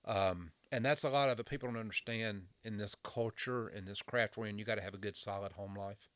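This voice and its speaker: A man's voice: lowish voice, brisk, pushed and bright, no echo. A man in his fifties from western North Carolina with a Southern drawl, chatting as a podcast guest in a folksy, joking way, often restarting his words. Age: 50s. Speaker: fire chief, podcast guest. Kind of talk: casual chat.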